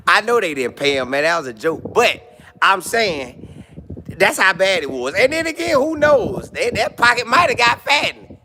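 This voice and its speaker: A man's voice: sits high, unhurried, pauses often, a little hiss or hum. A man chatting casually on a live stream, reading comments and riffing with jokes and repeated lines. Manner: animated, jokey, repeats lines, mock voices.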